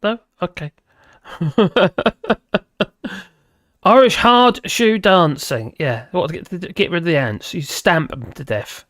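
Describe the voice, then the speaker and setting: A man's voice: fairly high pitch, fairly bright tone, dry recording, clean studio sound. A man hosting a live stream, chatting casually with viewers and rambling between topics while laughing often.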